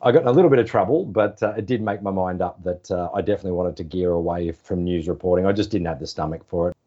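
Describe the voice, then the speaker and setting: An Australian man in his forties, a former sports journalist, telling relaxed anecdotes in a podcast interview. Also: low voice, fast talker. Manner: relaxed, anecdotal, acts out quoted phone calls. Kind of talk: casual storytelling interview. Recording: slightly dull podcast audio.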